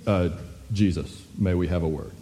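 A man voicing quiet, stuffy robed religious leaders who speak in a hushed, prim way. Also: lowish voice, fairly even intonation, a little fast, long reverb tail, pitched below the performer's own voice, lightly acted.

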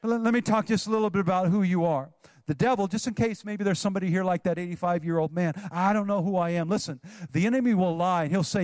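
A middle-aged male pastor preaching to his congregation in a church, lively and exhorting with touches of humor. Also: high voice, no room sound. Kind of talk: sermon.

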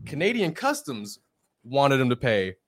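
A man's voice: medium pitch, a little slow, dry recording. Co-host guy, voice jumps all over, dry close sound, laughs a lot. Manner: expressive, laughing, storytelling. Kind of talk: casual live-stream chat.

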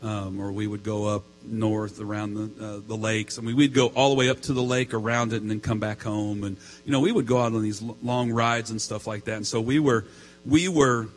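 A man's voice: fairly low pitch, fairly even intonation, fairly quick, low-quality recording. Storytelling male pastor over mains hum. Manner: casual storytelling with many fillers. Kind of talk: sermon with a personal story.

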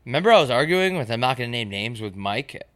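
A young man co-hosts a podcast, telling crude stories in loose casual chat and laughing often. His bright voice moves all over in pitch as he tells them. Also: big pitch swings, quick pace. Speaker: podcast co-host.

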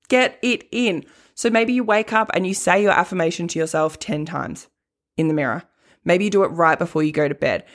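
A woman coach chats her way through a casual podcast monologue, laughing easily and peppering her talk with "like". Her voice sits a touch low for a woman. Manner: chatty, laughs often, many "like" fillers.

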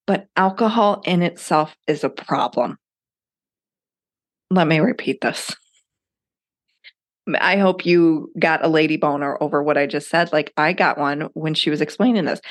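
A low-pitched woman in her thirties hosts a podcast on her own. She speaks candidly and casually, swearing freely as she encourages her listeners. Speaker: podcast host. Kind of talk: casual solo podcast talk.

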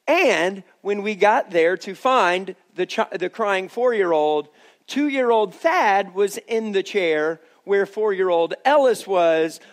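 High-voiced male pastor preaching. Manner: conversational storytelling, speaking directly to the congregation. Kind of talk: sermon.

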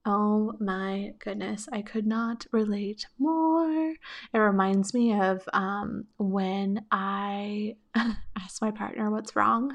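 A woman hosting a solo advice podcast, speaking in a reflective, gentle coaching tone and laughing lightly between thoughts. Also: mid-range voice, steady tone, a little slow, vocal fry. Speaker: podcast host.

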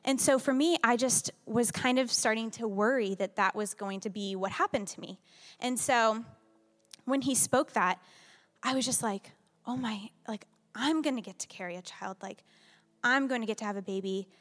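A woman's voice: fairly high pitch, normal speed, fairly bright tone. A young woman giving a personal church testimony to a congregation, talking candidly and emotionally in a casual way. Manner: candid, conversational, emotional storytelling with many "like"s. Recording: long reverb of a large hall.

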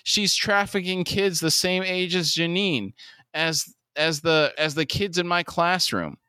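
A man's voice: fairly high pitch, unhurried, bright, forceful tone, smooth, no room sound, clean studio sound, voice pushed up. A man voicing a smug, conspiracy-minded stepfather while reading a scene. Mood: dismissive.

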